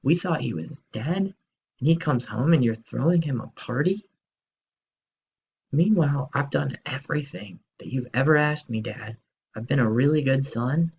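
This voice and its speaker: A man's voice: on the high side, animated, measured pace, vocal fry, warm tone, slightly rough, highs cut off, pitched above the performer's own voice, full character voice. A male teacher voicing a resentful older brother who complains about unfair treatment, in a story told to children. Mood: indignant. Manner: complaining, exasperated. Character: indignant resentful older brother, young man.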